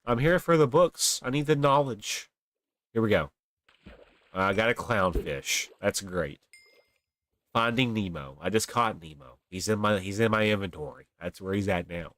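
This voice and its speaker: A man's voice: on the low side, normal speed, no room sound. A young man livestreaming a game, chatting casually with viewers and grumbling and exaggerating about his luck. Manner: animated, talks to chat, grumbles and exaggerates. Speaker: livestreaming gamer. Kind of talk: casual live game commentary. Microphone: desk mic, webcam stream.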